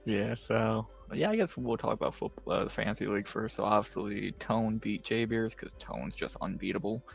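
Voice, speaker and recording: A man's voice: fairly low pitch, normal speed, gravelly, faint music behind. A man co-hosting a casual podcast, laid-back and swearing as he chats. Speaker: podcast co-host. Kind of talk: casual chat.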